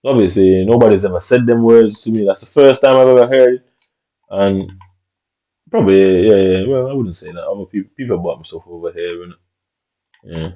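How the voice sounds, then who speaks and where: Man, low and mellow voice, rambling personal monologue, muffled lo-fi sound. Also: fairly quick. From Jamaica. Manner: rambling and reflective, tags lines with "innit". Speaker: vlogger. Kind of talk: casual storytelling monologue.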